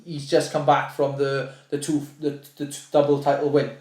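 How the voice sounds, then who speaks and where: A young Welsh man, a podcast guest, telling stories in casual chat, animated and swearing, acting out what people said. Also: medium pitch, moderate pace, echoey room. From Wales. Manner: animated, swearing, restarts and acts out quotes.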